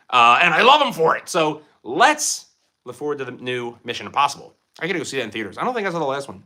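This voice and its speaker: A man casually chatting on a livestream, reading out chat questions and joking back in an animated way. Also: fairly high pitch. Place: room at home with collectible figures.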